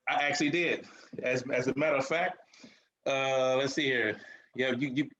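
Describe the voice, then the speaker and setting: Male guest, mid-pitched voice, halting and emphatic, slightly dull lo-fi recording. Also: steady tone, a bit bright. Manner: halting, repeats words, emphatic affirmations. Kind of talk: casual conversation.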